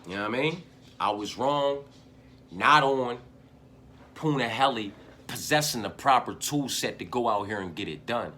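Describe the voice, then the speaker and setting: A man giving a profane fight preview, swinging from shouted hype to low, muttered repetition. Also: lively intonation, normal speed, a little hiss or hum. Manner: heavy profanity, repeats phrases. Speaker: MMA fight analyst.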